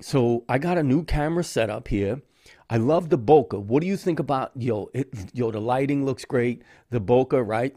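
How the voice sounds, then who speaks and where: Man, rambling podcast host, warm dark voice, dry recording. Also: fairly low pitch, no echo. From Brooklyn, New York. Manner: rambling, chatty, greets viewers by name. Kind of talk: casual livestream chat.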